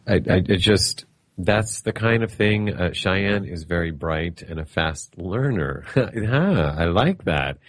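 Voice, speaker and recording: A man with a non-native accent hosting a studio talk show, playful, halting, with many restarts and laughs. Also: a bass voice, dry recording. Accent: non-native English accent. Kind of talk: casual studio chat.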